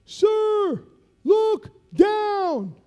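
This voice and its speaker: A man voicing a gruff, teasing male master sergeant who barks orders at a jumper and laughs at him. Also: very high-pitched, takes it slowly, mellow, long reverb tail, pitched above the performer's own voice. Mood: commanding. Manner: barking orders, mocking and laughing.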